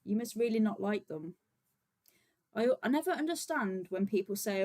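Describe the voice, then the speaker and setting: A woman's voice: mid-range voice, lively intonation, moderate pace, darkish tone. Chatty woman livestreaming. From Birmingham, England. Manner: chatty and informal, many fillers, talks to viewers while setting up. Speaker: livestream host, vegan activist. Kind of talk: casual livestream chat.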